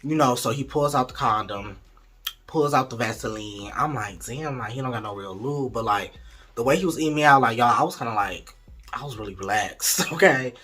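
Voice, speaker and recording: A man's voice: medium pitch, fairly quick, bright, forceful tone, breathy edge. A young man in casual storytime mode, chatty and candid, talking straight to his viewers. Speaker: vlogger.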